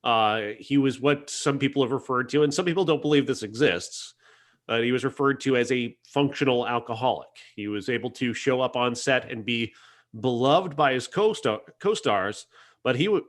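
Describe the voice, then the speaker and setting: A man's voice: mid-range voice, moderate pace. A man reviewing a film on a podcast, talking earnestly and casually, with frequent restarts and self-corrections. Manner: earnest, hesitant with many restarts.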